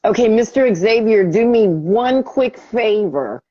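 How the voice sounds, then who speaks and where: A woman's voice: on the high side, animated, measured pace, warm tone, no echo. A woman hosting a casual live stream, talking to herself as she struggles with the app and grows frustrated. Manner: frustrated, talking to herself while fixing tech. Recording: dull lo-fi stream audio.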